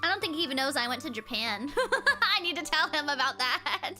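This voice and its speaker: A young woman with a high, sparkling voice chats away on a VTuber stream, laughing often and breaking into giggles between stories. Her tone is bright and lively, with soft music playing faintly underneath. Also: brisk. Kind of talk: casual livestream chat. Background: faint background music.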